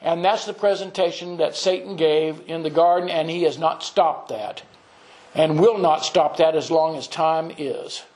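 High-voiced man preaching a sermon. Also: fairly even intonation, a little slow, darkish tone, rough recording.

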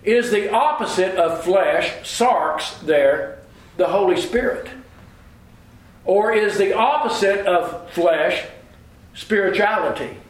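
A man delivering a sermon in a high, light voice, walking listeners through scripture and punctuation. He talks in a deliberate teaching tone, often doubling words as he restarts. The sound carries a noticeable room echo. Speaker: preacher.

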